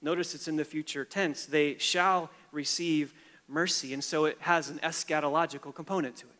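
Male pastor, sermon delivery, bright tone, dynamic from hushed to emphatic, long hall echo. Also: fairly high pitch, steady tone, moderate pace. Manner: preaching with emphatic rises and quiet, hushed stretches.

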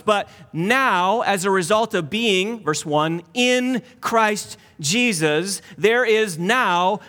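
A man preaching a sermon emphatically, dropping to a near hush to stress key points. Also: high-pitched, in a large hall. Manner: emphatic, with dramatic drops to a hush.

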